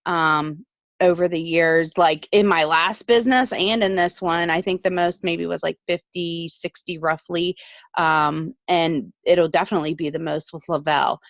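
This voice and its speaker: A middle-aged woman, once a nurse, earnestly sharing her story with her team over a video call, pausing on ums. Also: fairly low pitch, fairly bright tone, no room sound, lo-fi sound. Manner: earnest, reflective, with frequent ums. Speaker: team leader, former nurse. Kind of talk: motivational testimony on a video call.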